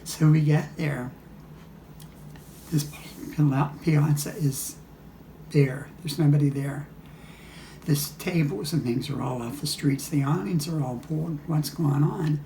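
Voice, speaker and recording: A man's voice: a little high, slow pace, creaky, dark tone, a little hiss or hum. An older man casually recounting travel memories, rambling with frequent restarts and chuckles. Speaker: storyteller. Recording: echoey room.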